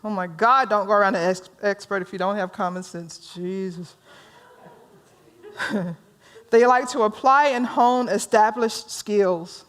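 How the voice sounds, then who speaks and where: A woman minister leading a workshop. She tells stories in an animated way, laughs easily and asks the audience questions. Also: medium pitch, a little slow, long pauses. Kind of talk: storytelling workshop talk.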